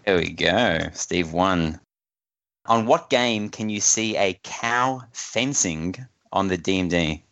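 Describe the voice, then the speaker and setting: A man's voice: sits low, takes it slowly, a bit bright, muffled recording, slight background noise. A man hosting a casual quiz on a podcast, often laughing as he reads the questions. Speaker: quiz host.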